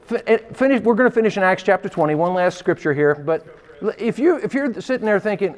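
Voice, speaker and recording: A middle-aged male guest preacher with a fairly high voice, telling a funny story in his sermon. He laughs often and slips into quick impressions of other people. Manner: animated, laughing often, mimics voices in quoted lines.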